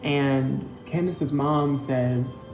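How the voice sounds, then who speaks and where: A man's voice: mid-range voice, steady tone, extremely slow, vocal fry. A young man casually telling a personal story, chatty, with lots of "like" and retold dialogue. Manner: chatty retelling with many likes and quoted dialogue. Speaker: vlogger. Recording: roomy echo with faint music.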